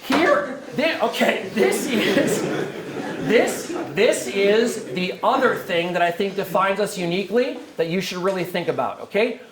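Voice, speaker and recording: A man giving an energetic, joking presentation to a room of prospective camp staff, often turning to the audience with questions. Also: sits high, unhurried, a little hiss or hum. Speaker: camp director recruiting staff. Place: lecture room. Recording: roomy hall echo.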